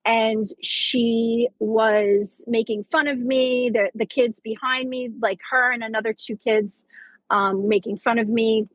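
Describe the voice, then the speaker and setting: Woman co-host rambling through a story, lots of like and restarts, higher voice. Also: steady tone, slow, no echo, lo-fi sound. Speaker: podcast co-host, teacher. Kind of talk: casual chat.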